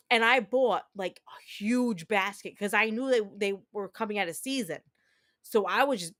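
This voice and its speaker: A New Jersey woman in her thirties chats with her stream while she plays. Her voice sits a touch high and sounds dry and close on the mic. She rambles, circles back and restarts her sentences as she tells her stories. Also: fairly bright tone, no echo. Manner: rambling, chatty storytelling with many restarts. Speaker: game streamer. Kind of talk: casual chat while gaming.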